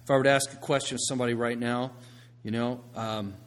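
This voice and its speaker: A man preaching a sermon, swinging from hushed, quiet passages to loud, emphatic ones. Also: mid-range voice, steady tone, fast. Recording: long reverb of a large hall.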